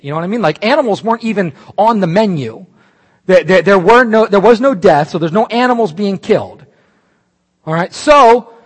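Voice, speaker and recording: A man preaching a sermon, animated and emphatic, breaking off into asides and restarts. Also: high-pitched, slightly rough, in a large hall. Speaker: pastor.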